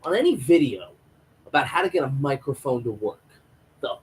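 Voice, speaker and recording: A man of middle pitch riffs through a casual live stream recap, swearing freely and wandering off on rants. His delivery is fired-up and loose, spoken into a home microphone with a faint hiss behind him. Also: very animated, moderate pace, poor audio. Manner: profane, rambling, fired-up. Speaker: host of a live TV episode review stream. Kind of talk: casual live review rant.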